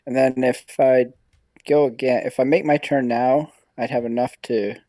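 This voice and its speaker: A man's voice: mid-range voice, fairly even intonation, normal speed, mellow, no room sound. A man playing a tabletop wargame, thinking aloud through his moves in casual chat. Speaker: player.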